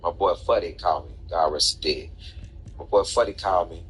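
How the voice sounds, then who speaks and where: A man streaming gameplay, telling a personal story in an animated, profane way with bursts of laughter. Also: sits low, brisk, husky, low-quality recording. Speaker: gaming streamer. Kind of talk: casual storytelling over gameplay.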